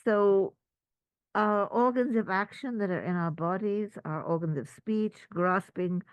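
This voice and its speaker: Woman spiritual teacher; mid voice, animated, dry close sound; storyteller. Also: medium pitch, unhurried, clean tone, no echo, rough recording. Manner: storytelling with lively acted-out asides. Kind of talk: spiritual talk to a group.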